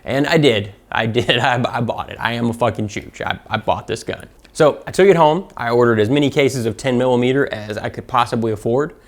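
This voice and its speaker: A man's voice: mid-range voice, fairly quick, hardly any pauses. A man with a Southern American accent giving a comedic, profane, self-mocking gun review.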